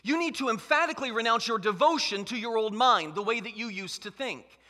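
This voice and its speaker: A man's voice: extremely high pitch, lively intonation, a little fast, bright, forceful tone. A man preaching a sermon as pastor, emphatic and conversational, in a church hall. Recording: long hall reverb.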